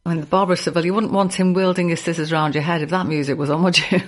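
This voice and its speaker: A man's voice: a little high, fairly quick, a bit bright. A man with a Liverpool accent presenting a classical music radio show in a casual, jokey, chatty way, now and then stumbling over names. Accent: Liverpool (Scouse). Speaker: radio host.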